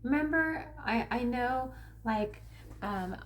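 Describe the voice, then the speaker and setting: A woman from Northern California who works as a spiritual coach and tarot reader talks casually to camera. She rambles with restarts and slows down to stress her key points. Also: a little high, expressive. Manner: rambling, with restarts and acted-out quotes.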